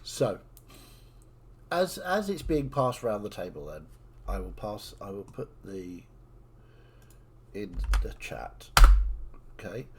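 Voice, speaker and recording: Easygoing game master with a lively low voice. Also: male voice, slow pace, long pauses, husky. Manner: easygoing, filler-heavy narration. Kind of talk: narrating a tabletop game.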